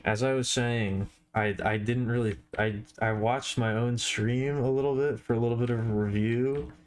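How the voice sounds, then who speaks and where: A tired man chatting casually on a live art stream, with a slow, drowsy, stoner-like drawl. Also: medium pitch, steady tone.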